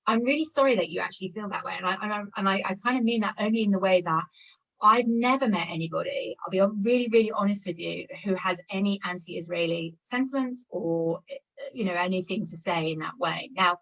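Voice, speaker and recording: A woman talks casually in a live online Q&A, chatty and quick to laugh, leaning on little fillers. Her voice sits mid-range. It comes through a dull, muffled, lo-fi call line. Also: medium pitch, creaky, a bit bright. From London, England. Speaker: guest speaker on British culture.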